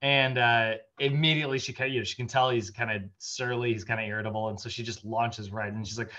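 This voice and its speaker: A man of middle pitch lectures a fitness training class in a loose, chatty way, packing his talk with fillers and asides. He laughs his way through stories. The recording is slightly muffled and lo-fi. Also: quick pace, hardly any pauses, bright, forceful tone. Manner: chatty, anecdotal, many fillers, laughs while telling stories. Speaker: fitness instructor.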